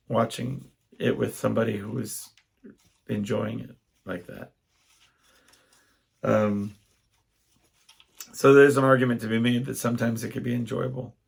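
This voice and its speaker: A young adult man hosting a casual solo podcast, telling rambling stories and often stopping to restart his sentences. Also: medium pitch. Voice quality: gravelly, husky. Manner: rambling, self-interrupting storyteller. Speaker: podcast host.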